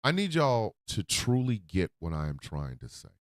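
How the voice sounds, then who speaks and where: A man hosting a radio show, talking from the heart in a profane, emotional monologue that swings into loud outbursts. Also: on the low side, sing-song, moderate pace, dry recording. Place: radio studio.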